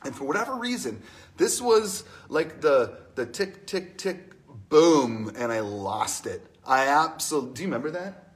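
A man preaching a conversational sermon in an animated, storytelling way, asking the congregation questions. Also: a little high, measured pace.

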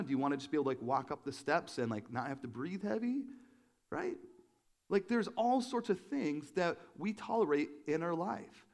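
A male pastor giving a conversational sermon to his congregation, animated and full of joking asides. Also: on the high side. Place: church room with a congregation.

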